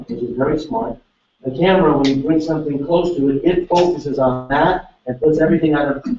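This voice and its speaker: A man presenting a live seminar, energetically quizzing his audience and urging them on. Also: a little high. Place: large seminar hall. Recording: echoey room, distant lo-fi mic.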